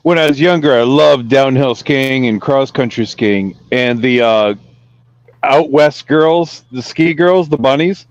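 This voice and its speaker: A man calling into a live stream, talking loudly and excitedly with exclamations. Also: medium pitch, a little slow, dry recording. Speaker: stream caller. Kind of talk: casual chat. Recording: dull lo-fi dry line.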